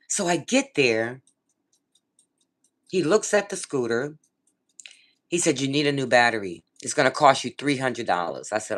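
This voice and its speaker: Woman, middle-aged, low voice, very lively pitch, casual vlog storytelling, animated, swearing. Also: moderate pace. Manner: animated, swears freely, addresses viewers and a friend directly. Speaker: vlogger.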